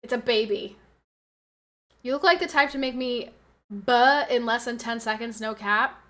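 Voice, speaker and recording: Young woman streamer, high bright voice, loud and excitable, talks fast to chat. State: pregnant. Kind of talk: casual chat with live viewers.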